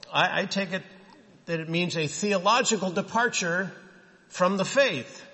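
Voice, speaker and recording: A man's voice: on the high side, vocal fry, a bit bright, big-room sound. A man preaching a sermon, emphatic and quoting scripture.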